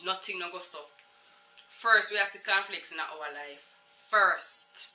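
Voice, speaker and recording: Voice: mid-range voice, a little slow, sharp tone, faint music behind. A vlogger with a Jamaican accent telling a personal story to viewers in an emotional, earnest way. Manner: emotional, earnest, talks straight to viewers in patois. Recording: roomy echo.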